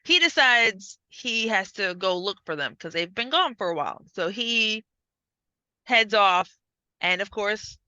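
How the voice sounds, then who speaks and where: A woman's voice: medium pitch, lively intonation, a little slow, bright, forceful tone, no echo, dull audio. A woman hosting a podcast, chatting casually, swearing freely and acting out lines as she retells a story. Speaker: podcast host. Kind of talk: casual chat.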